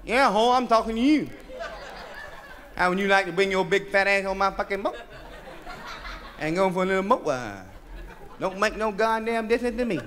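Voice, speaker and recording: A comedian doing a crude stammering boat bum. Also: male voice, on the high side, lively intonation, measured pace, pauses often, sharp tone, in a large hall, slight background noise, pitched below the performer's own voice. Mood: cocky. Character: lowlife boat-owning man, bashful turned cocky. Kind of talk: stand-up comedy.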